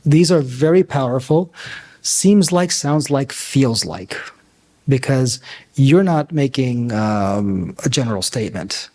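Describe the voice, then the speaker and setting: Husky man giving a conference talk. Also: animated, slow, darkish tone. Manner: storytelling, acts out dialogue with big pitch swings. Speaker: physician and coach speaking at a summit.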